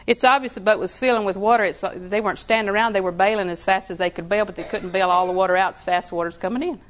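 Woman preacher, folksy sermon, laughs a lot, repeats phrases, mid-pitched voice. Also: fairly even intonation, very fast.

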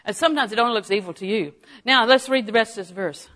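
Talking fast in a high-leaning, slightly bright voice, a woman preaches a Bible lesson, telling stories from her own life and driving her message home with emphatic declarations.

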